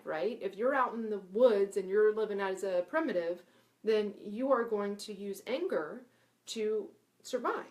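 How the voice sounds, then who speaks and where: Chatty woman teaching breathing exercises. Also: mid-range voice. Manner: chatty, often checks in with 'right?' and 'okay?'; demonstrates breathy 'ha' sounds and chants. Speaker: spiritual teacher. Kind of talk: casual live instructional talk.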